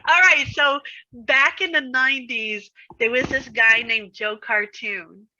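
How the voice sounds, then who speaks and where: An American woman from Arizona co-hosting a casual online chat, excitable and often laughing. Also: high-pitched, measured pace, slight background noise. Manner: giggly, excitable. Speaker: co-host. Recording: dull lo-fi audio.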